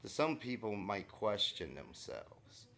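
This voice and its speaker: A man's voice: on the low side, big pitch swings, slow pace, vocal fry, fairly bright tone. A man casually telling a rambling, wry story in a vlog, with many fillers and restarts. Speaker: vlogger.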